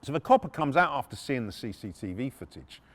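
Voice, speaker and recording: A man's voice: mid-range voice, very animated, brisk, in a large hall. A middle-aged man hosting a podcast, telling a true story in a blunt, casual way, swearing freely and often restarting his sentences. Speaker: podcast host.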